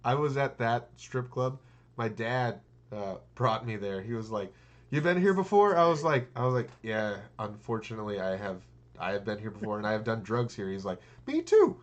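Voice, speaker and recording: A man's voice: lowish voice, moderate pace. A man co-hosting a podcast in casual chat, telling rambling stories and acting out the people in them. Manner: rambling storyteller, acts out quotes. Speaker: podcast co-host.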